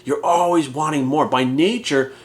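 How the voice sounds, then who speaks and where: This is a man in his forties from the United States, a fitness coach giving a frank, profanity-heavy pep talk. He speaks at a moderate pace in a voice on the high side, and his manner is blunt and emphatic.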